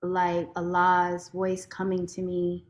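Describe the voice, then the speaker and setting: A woman lawyer giving a heartfelt, expressive personal testimony as a podcast guest. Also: lowish voice, takes it slowly. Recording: roomy echo.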